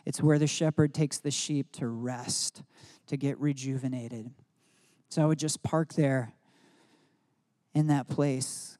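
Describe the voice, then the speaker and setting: A middle-aged man preaching a sermon as pastor, reflective, slowing and softening his voice in devotional passages. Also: mid-range voice, steady tone, no room sound, clean studio sound.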